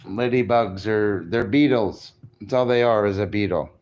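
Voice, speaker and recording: A man's voice: lowish voice, normal speed, a little mellow, muffled recording, slight background noise. A man vlogging in a casual, rambling monologue, boastful and crude, often breaking into laughter.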